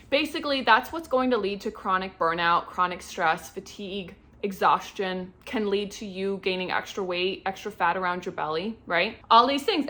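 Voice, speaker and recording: A woman's voice: on the high side, pushed and bright. A young woman coaching her viewers in a casual talk-to-camera video, chatty and checking in with "right?" as she explains. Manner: chatty, says "right?" and "my point is" often. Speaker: wellness vlogger and coach.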